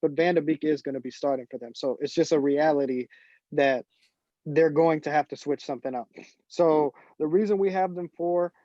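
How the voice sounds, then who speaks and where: A man with a fairly high voice talks through his analysis in a casual sports chat, restarting his sentences as he thinks. The sound is dry and a little dull, like a modest home mic. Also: steady tone, moderate pace, warm tone, dry recording. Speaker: podcast co-host.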